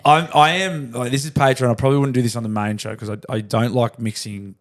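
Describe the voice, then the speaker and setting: A man's voice: mid-range voice, fast talker. Aussie co-host, young man, fired-up ranting storyteller, coarse and profane. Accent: Australian. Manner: heated, swears constantly, animated storytelling. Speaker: podcast co-host. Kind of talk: casual profane chat.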